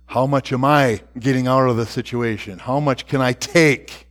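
A man preaching a sermon, reading scripture aloud with slow, deliberate phrasing that trails off softly at the ends. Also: medium pitch, steady tone.

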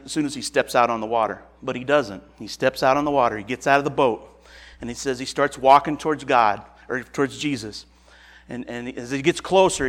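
A man from Nebraska preaches in a loose, folksy way, retelling a Bible story to his listeners. His voice sits a little high for a man, and he often restarts his sentences. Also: a bit bright. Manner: casual and folksy, chuckles and self-corrects often.

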